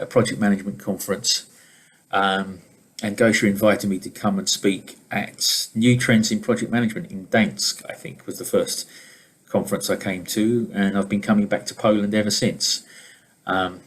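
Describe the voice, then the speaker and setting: A middle-aged man, a leadership trainer and coach, giving an informal webinar presentation over a video call in a relaxed, conversational storytelling manner. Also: fairly low pitch.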